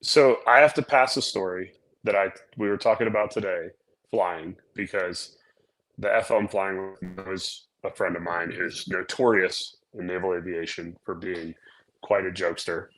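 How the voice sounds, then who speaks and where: A man's voice: sits low, normal speed, poor audio. A middle-aged man, co-host of a casual show, telling an anecdote and acting out the quotes with lots of "right?". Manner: animated storyteller acting out quotes, frequent "right?". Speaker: podcast co-host, former naval aviator. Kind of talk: casual chat, storytelling.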